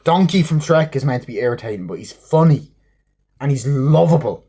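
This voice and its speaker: A man rambling through a casual movie review in an ordinary mid-pitched voice. He swears constantly and leans on fillers as he jumps between thoughts. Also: lively intonation, brisk, dark tone, slightly rough. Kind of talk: casual rambling plot recap.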